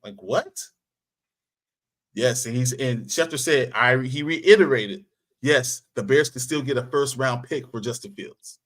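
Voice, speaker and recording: A man's voice: mid-range voice, a little slow, a bit bright. A man hosting a casual sports podcast, relaying betting odds and news reports to his co-hosts. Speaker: podcast host.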